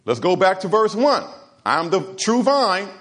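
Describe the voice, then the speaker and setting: A man preaching a sermon, moving between quiet asides and raised, emphatic exhortation, often repeating words as he builds a point. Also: high voice, big pitch swings, normal speed. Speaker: pastor.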